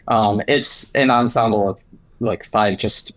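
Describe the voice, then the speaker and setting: A man's voice: mid-range voice, unhurried, no room sound, rough recording. A young man, an actor guest on a podcast, chatting in a bubbly way and laughing often. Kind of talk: casual interview chat.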